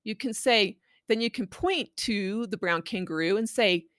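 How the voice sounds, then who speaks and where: In a dry, studio-quality recording, a woman presents a children's language book, patiently explaining to parents how to read a bilingual picture book aloud and modeling phrases they can use. Her voice is mid-range and fairly bright, at a normal speed.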